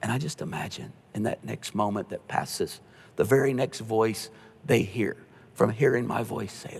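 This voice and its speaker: Middle-aged pastor in a reverberant hall. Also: male voice, fairly low pitch, normal speed, vocal fry, slightly rough. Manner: earnest, storytelling, drops to a hush at tender moments. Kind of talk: conversational sermon. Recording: long reverb of a church hall.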